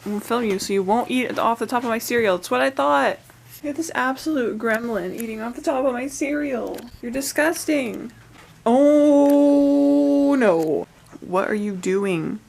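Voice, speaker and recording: A woman's voice: fairly high pitch, vocal fry, a little hiss or hum, poor audio. Playful young woman vlogging. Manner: chatty and playful, quick to laugh. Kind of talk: casual vlog chat.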